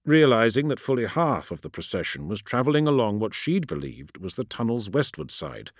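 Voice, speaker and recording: A man narrating a science fiction audiobook in a dramatic, expressive way. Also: fairly low pitch, no room sound, clean studio sound. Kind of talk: scripted narration.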